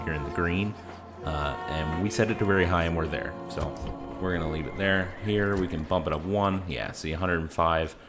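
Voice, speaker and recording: A man casually commenting on his strategy game as he plays, chatty and explanatory, with frequent fillers. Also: low-pitched. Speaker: gaming channel host.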